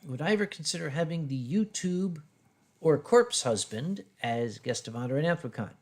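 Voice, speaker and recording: Male host, casual stream chat, fairly high voice, dry clipped answers. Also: animated, normal speed. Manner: dry, clipped replies, reads viewer questions.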